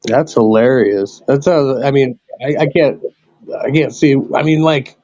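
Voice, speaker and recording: Brief: male guest, warm low-key voice, halting fillers, muffled dry line. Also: no echo. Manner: hesitant, rambling, full of fillers. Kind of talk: casual chat.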